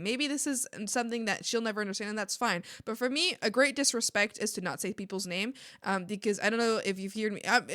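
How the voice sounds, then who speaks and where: Young woman streamer ranting while she draws, bright voice, dry close mic, cusses a lot. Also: on the high side, no echo. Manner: animated, swears a lot, laughs often. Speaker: art streamer. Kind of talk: casual chat while drawing.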